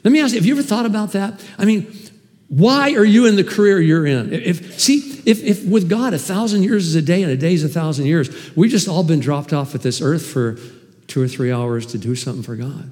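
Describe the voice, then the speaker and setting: A man preaching a sermon as pastor, animated and emphatic, with sudden swings in loudness. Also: a little high, brisk, long reverb tail. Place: church hall.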